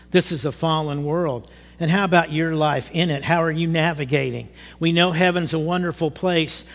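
A middle-aged man preaching a sermon to his church, animated, rising to emphatic bursts. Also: a little high. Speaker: pastor. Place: church sanctuary. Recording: long hall reverb.

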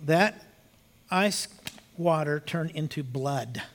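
An older man preaching a sermon, telling a story in a hushed voice and rising to emphatic appeals. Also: fairly high pitch, takes it slowly. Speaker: pastor.

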